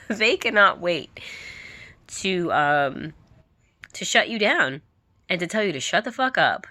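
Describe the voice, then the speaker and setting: A woman vlogger speaks candidly to the camera in a fairly low voice with a bright, pointed edge. She drives her points home by repeating them and laughs now and then. Her voice sounds dry and close. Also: very animated, slow pace, pauses often, no room sound.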